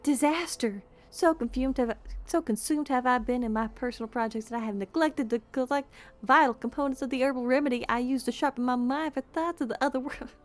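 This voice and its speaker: A panicky old mage, wailing in a high, loud voice as if his life depended on his herbs, as a woman puts him on. He is melodramatic and breathless, a game quest-giver stretched into a tragic monologue. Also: brisk, soft background music, lightly acted. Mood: frantic.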